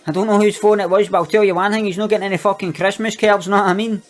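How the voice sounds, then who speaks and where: A man doing a high, cocky Glaswegian ned. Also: fairly even intonation, rapid-fire, natural voice. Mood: boastful. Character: cocky young Glasgow petty thief, boastful and foul-mouthed. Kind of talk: comic monologue.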